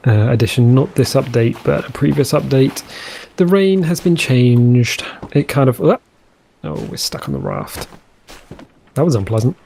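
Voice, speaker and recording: A man's voice: medium pitch, creaky, warm tone, a little hiss or hum. A man giving casual, chatty commentary over his own gameplay, easily delighted and trailing off mid-sentence as he explores. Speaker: let's play host.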